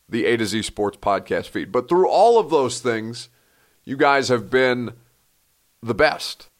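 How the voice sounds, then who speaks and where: A man's voice: mid-range voice, a bit bright. A male podcast host giving a heartfelt, thankful sign-off to his listeners, a little emotional. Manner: earnest, thankful, slightly emotional.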